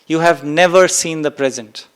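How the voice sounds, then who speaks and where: A man's voice: a little high, moderate pace, smooth. A man giving a spiritual talk to a live and online audience. He speaks with emphasis, repeats key phrases and acts out exclamations. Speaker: spiritual teacher.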